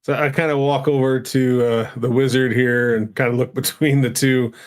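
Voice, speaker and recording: A man's voice: medium pitch, steady tone, moderate pace, clear, resonant tone. A man playing a tabletop game, describing his character's actions in a friendly way. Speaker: player. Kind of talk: casual chat.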